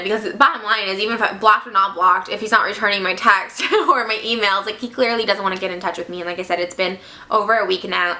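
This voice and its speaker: A woman's voice: medium pitch, bright, forceful tone. A woman in her twenties, heartbroken and close to tears, rambling through a confessional vlog with lots of fillers. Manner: tearful, rambling, filler-heavy. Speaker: vlogger.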